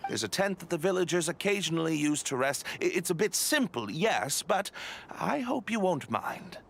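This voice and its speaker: An actor playing a polite but scheming male expedition leader, courteous and flattering with a sly edge, in a video game. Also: fairly high pitch, normal speed, creaky, full character voice. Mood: evasive. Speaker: expedition organizer.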